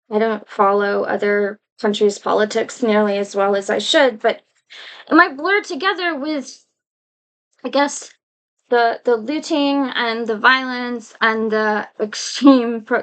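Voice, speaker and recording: A woman's voice: on the high side, fairly bright tone, rough recording. A woman vlogger telling a story in a casual, rambling way, full of restarts and asides.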